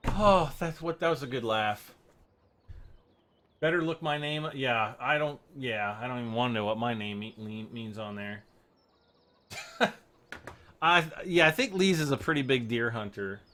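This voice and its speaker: A game streamer rambles through casual livestream commentary on a farming game, often losing his train of thought. His medium-pitched voice is bright and forceful, unhurried, with long pauses, and he is giggly, cracking up laughing easily.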